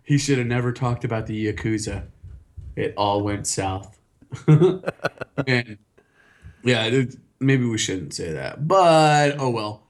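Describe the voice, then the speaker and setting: A man's voice: mid-range voice, lively intonation, slow, long pauses. A man co-hosting a podcast, telling crude, jokey stories and laughing often in casual chat. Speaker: podcast co-host.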